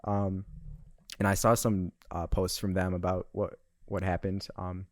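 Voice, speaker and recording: A man's voice: low voice, flat delivery, measured pace, a little mellow, no room sound, studio quality. A young man guesting on a podcast, telling stories in a rambling way full of "like" and "um". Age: young adult. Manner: rambling, filler-heavy storytelling. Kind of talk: casual chat.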